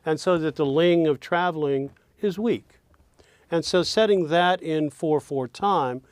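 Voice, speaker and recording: A man's voice: fairly high pitch, a little mellow, no room sound. A man teaching songwriting, explaining lyric stress and counting out beats as he goes. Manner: slow, explanatory, counts beats and speaks example lines aloud. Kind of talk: lesson on lyric stress and rhythm.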